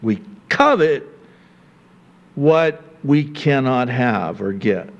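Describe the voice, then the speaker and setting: A male pastor preaching a sermon, swinging between loud, high emphasis and low, quiet asides, with conversational chuckles to his congregation. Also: expressive, extremely slow, dull audio.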